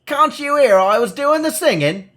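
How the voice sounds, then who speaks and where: A man voicing a crabby, shaggy old hermit on a pillar with a put-on Cockney accent, bawling high and fierce. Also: expressive, normal speed, a bit bright.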